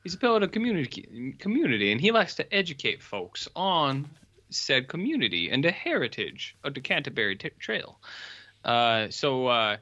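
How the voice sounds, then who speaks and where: Lively rambling man on a podcast. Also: mid-range voice, moderate pace, muffled recording. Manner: rambling, acts out lines in character voices. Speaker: podcast co-host. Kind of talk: casual chat, recapping a film.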